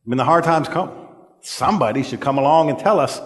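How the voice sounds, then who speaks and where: A man preaching a sermon in a church. He talks earnestly and haltingly, with frequent fillers, and slows down to stress key words. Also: medium pitch. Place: church sanctuary. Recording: echoey church hall.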